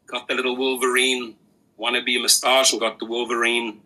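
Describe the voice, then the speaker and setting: Mocking man with a husky, bright voice. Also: medium pitch, flat delivery, normal speed, low-quality recording. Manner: mocking, sarcastic. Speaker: critic in a played video. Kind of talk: mocking commentary video.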